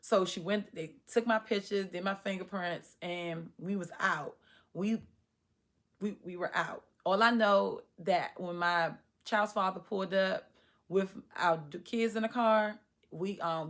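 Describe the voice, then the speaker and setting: A woman in her thirties telling a personal story to the camera, animated and acting out her own past reactions. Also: on the low side, measured pace. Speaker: vlogger. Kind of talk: storytime monologue.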